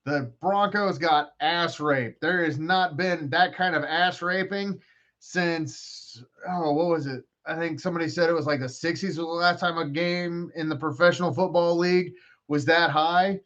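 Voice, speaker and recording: Host: a man, slightly high voice, rambling profane banter, muffled lo-fi stream audio. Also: moderate pace, a bit bright. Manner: profane, joking, rambling trash talk. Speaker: podcast host. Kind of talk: casual rambling live-stream chat.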